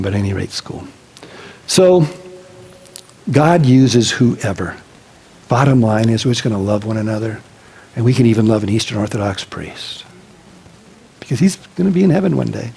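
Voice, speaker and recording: A pastor giving a casual, chatty sermon, telling personal stories in an animated way and laughing along the way. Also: male voice, mid-range voice, gravelly, a little hiss or hum, poor audio.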